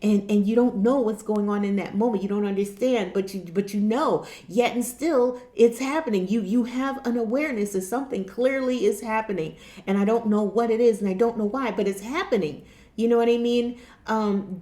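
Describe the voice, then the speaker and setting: A woman's voice: fairly high pitch, moderate pace, mellow, roomy sound. A woman vlogger talking earnestly about spiritual awakening, often repeating herself and restarting her sentences. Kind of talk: casual spiritual talk to camera.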